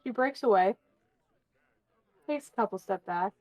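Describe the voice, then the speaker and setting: A woman's voice: medium pitch, unhurried, no echo. A woman playing in a tabletop role-playing game, talking in a casual, wry way. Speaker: player. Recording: dry, dull lo-fi mic.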